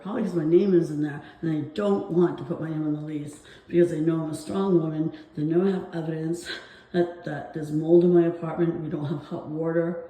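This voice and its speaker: A woman's voice: deep voice, flat delivery, normal speed, warm tone, echoey room, low-quality recording. A woman talking to her phone camera in a rambling, anxious way, out of breath, with nervous laughs. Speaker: vlogger filming her apartment complaints. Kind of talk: casual walking vlog.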